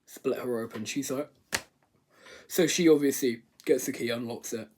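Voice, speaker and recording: A man's voice: medium pitch, moderate pace, a little mellow, husky. A man giving a rambling, comedic movie review rant, swearing and exaggerating. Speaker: video reviewer.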